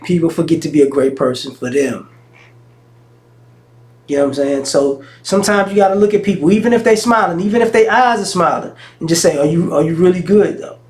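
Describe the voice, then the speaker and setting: A man with a notably high speaking voice talks straight to his audience in a casual vlog. He tells stories in a frank, slangy way, often stopping and restarting mid-thought. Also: brisk. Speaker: vlogger. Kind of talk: casual talking-head monologue.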